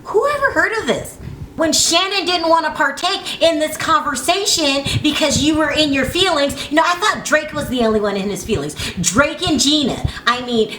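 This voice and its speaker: A woman vlogger giving casual gossip commentary to camera in a chatty, opinionated way. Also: sits high. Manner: chatty, opinionated, animated asides. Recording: echoey room with faint ambient noise.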